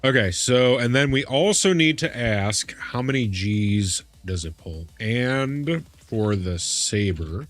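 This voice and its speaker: A man's voice: medium pitch, animated, slow pace, hardly any pauses, a bit bright, faint music behind. A man streaming a game live, chatting casually with viewers in a chummy way and calling them big man. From Midwest US. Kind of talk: casual live-stream chat while gaming.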